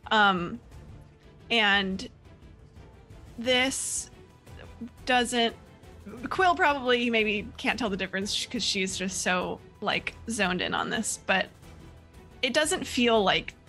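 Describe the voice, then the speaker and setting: A woman game master narrating a tabletop game, halting with many fillers. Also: mid-range voice, sharp tone, faint music behind.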